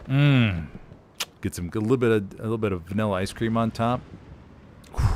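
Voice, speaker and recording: A man casting a live game, chatting casually in rambling, relaxed asides. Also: sits low, a little hiss or hum. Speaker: game caster. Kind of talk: casual chat during live game commentary.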